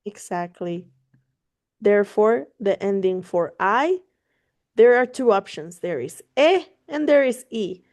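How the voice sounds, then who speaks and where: This online Spanish lesson features a woman with a medium-pitched, somewhat dark voice who speaks slowly but with plenty of animation. Her explanations are relaxed and supportive, she mixes English with Spanish, and she laughs readily and curses casually.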